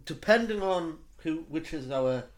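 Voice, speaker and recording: A man's voice: fairly high pitch, expressive, a little slow. A man co-hosting a podcast in casual, jokey chat, rambling and laughing often. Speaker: podcast co-host.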